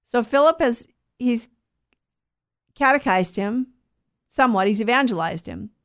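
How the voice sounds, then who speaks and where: A woman's voice: on the high side, expressive, unhurried. A woman teaching scripture to a group in a conversational way, often asking them questions. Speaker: Bible teacher.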